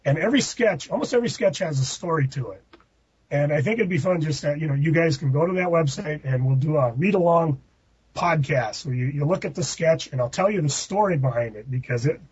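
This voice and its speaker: Man, husky voice, rambling podcast anecdotes, dry muffled recording. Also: a little high, animated, brisk, a little mellow. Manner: rambling anecdotes with laughing outbursts. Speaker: podcast host. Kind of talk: casual storytelling.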